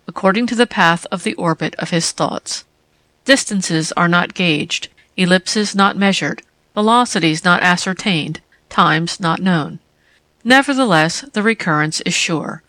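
Low-voiced woman reading an essay. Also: fairly bright tone, no echo. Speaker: reader.

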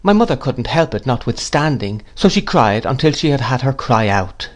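A man narrating a classic novel in a measured, unhurried storytelling manner. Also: medium pitch, very animated. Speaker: audiobook narrator.

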